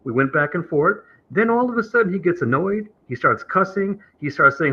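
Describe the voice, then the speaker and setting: An aggrieved man argues on a live stream, lecturing and indignant. His pitch swings widely and his voice is a little husky. The audio is dull and lo-fi. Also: expressive, moderate pace, few pauses. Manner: aggrieved, lecturing, imitates others in higher voice. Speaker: caller on a streamed talk show. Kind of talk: heated debate on a live stream.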